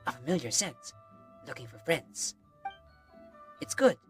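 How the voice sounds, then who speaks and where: Man putting on a gruff wolf-boy voice. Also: a little high, expressive, soft background music, voice pushed down. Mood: calm. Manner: halting short phrases, sniffing out scents. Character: gruff young wolf-raised man, broken speech.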